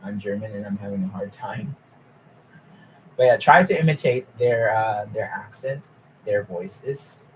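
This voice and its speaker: A man's voice: on the low side, unhurried, slight background noise, low-quality recording. A young man talking casually on a live stream, chatty and often laughing as he answers chat.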